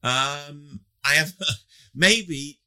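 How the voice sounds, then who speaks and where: A man's voice: a little high, drawn-out words, bright, forceful tone, clean tone. A man co-hosting a casual podcast, speaking thoughtfully with some hesitation and frequent laughs. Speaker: podcast co-host. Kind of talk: casual chat.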